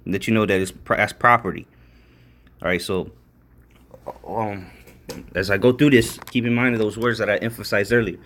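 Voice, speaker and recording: Speaking at a moderate pace with frequent pauses, a man with a fairly low voice offers loose, wandering Bible study commentary for a religious video. He says things more than once, keeps checking in with "all right?", and gets worked up and excited when reading word definitions aloud.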